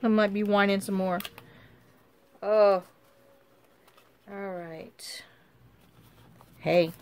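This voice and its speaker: A woman hosting a casual crafting tutorial. She thinks aloud in a rambling, chatty way and often drops into quiet muttering to herself as she works. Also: mid-range voice, steady tone, extremely slow. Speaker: crafting channel host.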